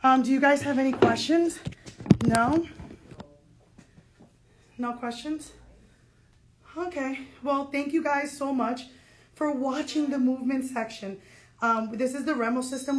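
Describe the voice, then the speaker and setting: In an echoey dance studio, an upbeat step dance instructor with a slightly high, somewhat bright voice runs an online lesson. She is a bit winded as she counts beats aloud and encourages her students.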